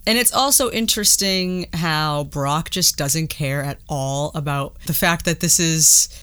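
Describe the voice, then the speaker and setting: A woman's voice: low-pitched, unhurried, clear, resonant tone. A woman co-hosting a casual podcast, chatting and laughing as she retells scenes from a movie. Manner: chatty, giggly, animated retelling. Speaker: podcast co-host. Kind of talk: casual movie discussion chat.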